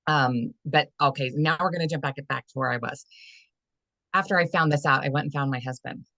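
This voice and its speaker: A woman's voice: low voice, fairly quick, vocal fry, bright, forceful tone, no echo. A woman coaching guest telling a candid, frank personal story, restarting her phrases as she goes. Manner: earnest, frank, with frequent restarts. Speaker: holistic fitness and life coach guest.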